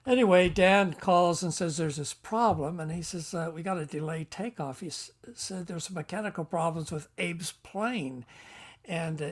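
An older man and book author telling a long story in a rambling way, chuckling and acting out the dialogue he quotes. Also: on the high side. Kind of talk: storytelling anecdote.

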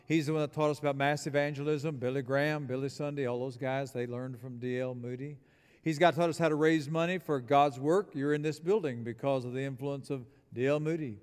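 High-voiced emphatic preacher in an echoing hall. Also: male voice, clean tone. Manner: emphatic preaching with call-and-response. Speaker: pastor. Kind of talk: sermon. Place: church building.

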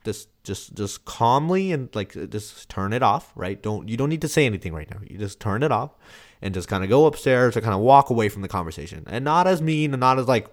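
A young man talking with his father on a podcast, giving advice in a relaxed way, with lots of "like" fillers. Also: mid-range voice, fairly quick. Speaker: son, podcast guest. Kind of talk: casual conversation giving advice.

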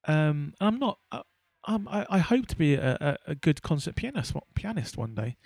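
A man's voice: a little high, sing-song, normal speed, darkish tone, no room sound. A man co-hosting a podcast, chatting casually and rambling with lots of restarts and fillers. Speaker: podcast co-host. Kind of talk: casual chat.

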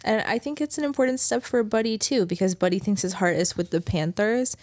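A woman co-hosting a podcast with a mid-range voice, recorded close and dry with no room sound. She talks in a relaxed way, sighs now and then, and uses plenty of filler words. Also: medium pitch, fairly quick, dry recording. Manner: relaxed, sighing, lots of fillers. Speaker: podcast co-host. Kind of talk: casual chat recapping a TV episode.

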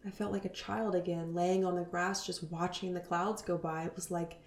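A woman in her thirties hosting a spiritual podcast, talking earnestly and dropping into soft whispers. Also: fairly low pitch, little pitch movement, normal speed, roomy sound. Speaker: podcast host.

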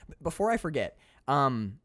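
A man's voice: mid-range voice, normal speed. A young man co-hosting a casual movie commentary chat, swearing freely and acting out quotes. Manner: animated, swearing, mock quoting. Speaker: podcast co-host.

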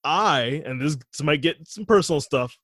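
A man's voice: a little high, lively intonation, moderate pace, fairly bright tone, no echo, studio quality. A man co-hosting a podcast, laid-back and laughing often as he steers the conversation. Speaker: podcast co-host. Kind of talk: casual chat.

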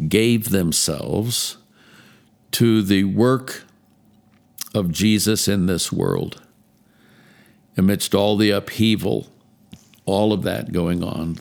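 A man preaching a Christmas Eve sermon, telling a story in a slow, measured way with dramatic pauses. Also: sits low, vocal fry, darkish tone. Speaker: pastor.

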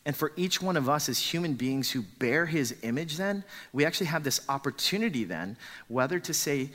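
A man's voice: fairly high pitch, animated, fairly quick. A man preaching a sermon with dramatic emphasis, dropping to pleading whispers when he voices a character. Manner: rises to loud emphatic peaks.

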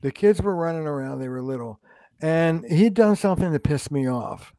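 A man's voice: fairly high pitch, moderate pace, no echo. An older man, a relationship counselor, talking through advice in an interview and acting out the lines he quotes. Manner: animated storyteller who acts out quoted dialogue. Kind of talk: conversational podcast interview.

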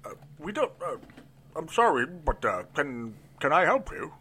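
Man playing a stammering elf barkeep, nervous, bright voice, lively pitch. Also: measured pace, breathy edge, heavily acted. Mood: flustered. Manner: stammering, flustered.

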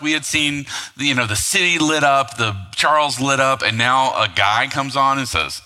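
A man's voice: mid-range voice, moderate pace, hardly any pauses, sharp tone. A man preaching a sermon as pastor, talking conversationally with rhetorical asides and frequent fillers. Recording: long hall reverb.

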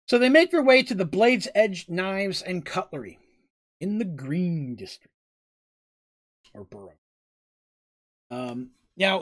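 Male game master, casual rambling narration, slightly high voice. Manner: casual, rambling, self-correcting.

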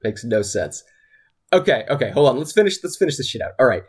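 A man's voice: mid-range voice, very animated, fast, husky. A man giving a rambling, exasperated and profane recap of a movie in casual chat.

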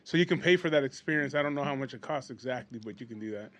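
A man in a relaxed podcast chat, talking loosely and swearing freely. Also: medium pitch, racing. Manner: laid-back, swears freely. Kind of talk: casual chat.

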